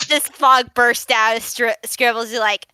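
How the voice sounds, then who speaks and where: A woman talks as a player in a tabletop game on a voice call, describing her character's moves casually. Her voice is bright and smooth, a bit high. The sound is dry and close. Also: fairly even intonation, measured pace, no room sound. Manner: casual, narrates her character's actions in third person. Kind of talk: playing a tabletop game over voice chat.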